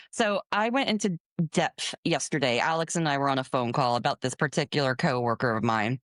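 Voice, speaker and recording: Young woman podcast host, low-ish voice, lively storytelling, dry close mic. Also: a little fast, hardly any pauses, dry recording. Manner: animated storytelling, swearing, laughing. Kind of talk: casual chat.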